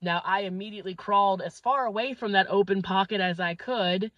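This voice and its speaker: A woman's voice: mid-range voice, fairly quick, no echo, lo-fi sound. A woman from northeastern Pennsylvania telling a crude, exaggerated comic story. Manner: animated, crude, exaggerated delivery. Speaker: comedian.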